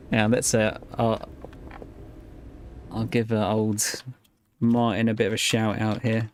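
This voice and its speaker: A man's voice: fairly low pitch, a little hiss or hum. Laid-back man rambling on stream. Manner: rambling, laid-back, swears and laughs often. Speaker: game streamer. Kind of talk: casual live-stream chat while gaming.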